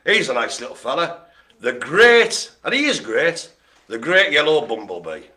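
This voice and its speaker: A man's voice: a little high, big pitch swings, normal speed, bright, forceful tone. A man hosting a live-streamed bingo game, cracking jokes and rambling in a chatty way to a helper off-mic. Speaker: bingo caller and host.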